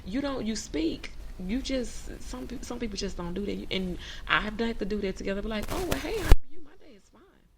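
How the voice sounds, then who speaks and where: A woman's voice: medium pitch, moderate pace, gravelly, few pauses, very noisy. A woman hosting a podcast, giving casual motivational advice in a preachy, conversational way, sometimes acting out quoted greetings. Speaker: podcast host.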